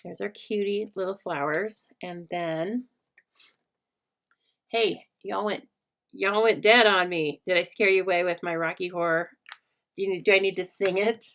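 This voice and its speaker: Her voice is fairly low, steady, and fairly bright, and she takes her time. She's a middle-aged woman hosting a casual craft livestream, rambling as she talks with viewers and laughing a lot.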